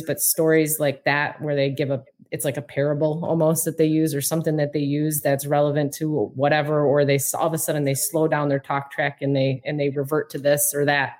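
A woman's voice: low-pitched, a little mellow. A woman co-hosting a casual chat, rambling with many ums and restarts.

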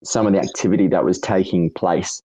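Deep raspy Australian man hosting. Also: fairly quick, warm tone, no room sound. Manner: rambling, self-correcting questions with frequent fillers. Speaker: host. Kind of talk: casual audio chat interview. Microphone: online audio chat room. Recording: dull lo-fi voice-chat audio.

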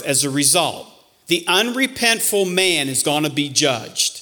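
A man preaching a sermon to his church, alternating emphatic warnings with hushed, slower asides. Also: a little high, big pitch swings. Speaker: pastor.

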